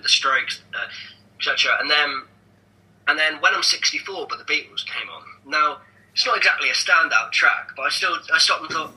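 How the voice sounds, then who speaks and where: A young man co-hosting a podcast, talking casually and rambling with lots of restarts and animated asides. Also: mid-range voice, brisk, low-quality recording. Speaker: podcast co-host.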